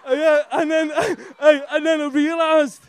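High-voiced nervous Scouse comic. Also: male voice, little pitch movement, measured pace, no echo. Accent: Liverpool Scouse. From Liverpool, England. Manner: nervous, rambling, heavy swearing. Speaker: stand-up comedian. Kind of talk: rambling live stand-up set. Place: comedy club stage.

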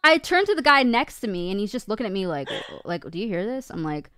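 A woman's voice: mid-range voice, very animated, fast talker, sharp tone, clear, resonant tone, dry recording, clean studio sound. A woman co-hosting a gaming stream in casual chat, talking loosely with lots of fillers and acting out family quotes. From from an Italian immigrant family. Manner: chatty, many "like" fillers, acts out family quotes.

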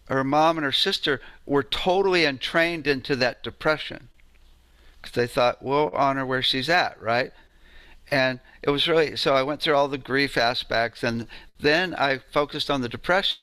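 A man's voice: mid-range voice, unhurried, sharp tone, clean tone, no room sound. A man giving an informal lecture on sound healing, telling stories in a conversational way and often asking "right?".

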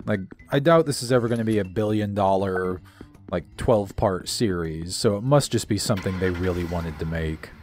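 A man co-hosting a casual gaming video, chatty and quick to yell at the game as he plays. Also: low voice, faint music behind. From American South. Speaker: co-host playing a video game.

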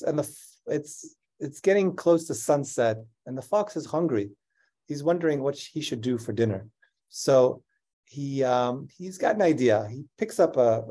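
A male scientist in a conversational interview, telling an animated story and laughing often. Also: mid-range voice. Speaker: scientist guest.

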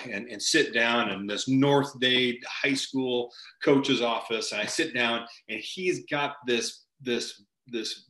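Bright-voiced earnest man in an echoey room. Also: mid-range voice. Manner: earnest, repeats and restarts phrases. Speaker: ministry huddle host. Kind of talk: prayer and earnest storytelling. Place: home, virtual meeting.

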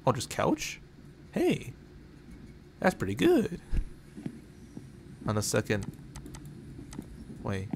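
A man's voice: mid-range voice, wildly swooping pitch, extremely slow, gravelly, pauses often, a little hiss or hum. A man giving casual, profane, rambling commentary while playing a horror game. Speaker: gaming channel host. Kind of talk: casual let's-play commentary.

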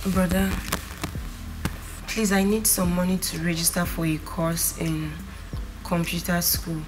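A woman's voice: fairly low pitch, level tone, a little slow, music in the background, close to an everyday voice, rough recording. An actress playing a young woman earnestly pleading with her brother for money, with a Nigerian accent. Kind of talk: Nollywood film drama.

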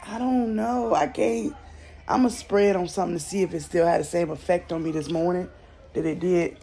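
A woman's voice: lowish voice, a little fast, warm tone. Young southern woman, casual vlog chat, blunt, swears freely, faint room hum. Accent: Southern American. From Southern United States. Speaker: vlogger. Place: at home, in bed.

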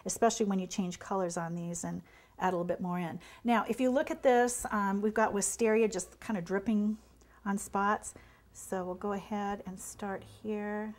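A woman's voice: mid-range voice, a little mellow. Chatty woman teaching cake painting. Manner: chatty, encouraging, drops to a near whisper while working. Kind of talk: demonstration tutorial.

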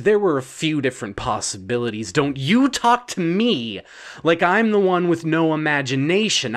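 A man delivering an absurdist comedic monologue, rambling and halting, with stammered restarts. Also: on the high side, sing-song. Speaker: storyteller.

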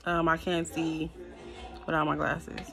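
A woman telling a storytime to her viewers, animated and blunt, swearing freely, sitting close to the camera at home. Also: low voice, unhurried, gravelly, music in the background. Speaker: storytime vlogger. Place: at home in front of a ring light. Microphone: camera held close.

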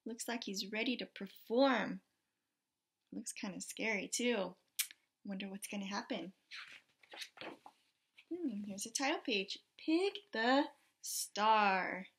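A woman teacher reading a children's picture book aloud, musing over the pages in an expressive storytelling voice. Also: mid-range voice, unhurried, pauses often, slightly rough.

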